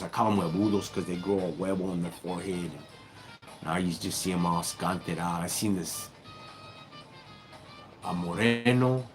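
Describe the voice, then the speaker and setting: A middle-aged man from Southern California with a Chicano English accent, hosting a casual livestream and talking slangy street talk, calling his viewers dog and homie. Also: sits low. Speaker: livestream host.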